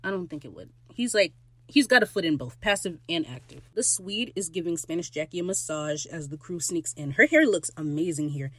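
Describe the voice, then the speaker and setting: A podcast host rants alone into a close mic, excitable and gushing, with a voice in the middle range. They swear freely and jump from loud squeals to low muttered asides. The sound is dry, with no room around it. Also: a little fast, no echo. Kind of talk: solo episode recap, casual rant.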